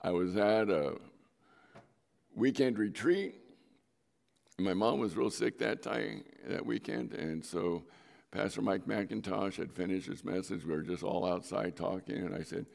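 A man's voice: sits low, a little slow, gravelly, darkish tone. A middle-aged male pastor giving a sermon in a conversational storytelling way, with sudden emphatic rises in his voice.

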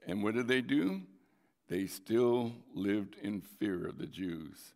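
A man's voice: fairly low pitch, lively intonation, takes it slowly, vocal fry, in a large hall. A man preaching a sermon, reading scripture aloud and explaining it in a conversational way, with dramatic readings of the quoted lines.

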